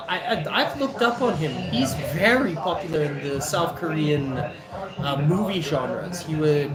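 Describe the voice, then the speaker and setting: A young man in his twenties with a South African accent, chatting casually to camera in a rambling, jokey way with lots of restarts. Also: on the high side. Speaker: vlogger. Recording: echoey room.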